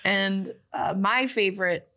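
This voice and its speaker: A young woman co-hosting a casual chat show, reading out a list slowly and laughing often. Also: medium pitch, pushed and bright. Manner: giggly, reads a list slowly with frequent laughs. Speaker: podcast co-host. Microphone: webcam with whiteboard behind.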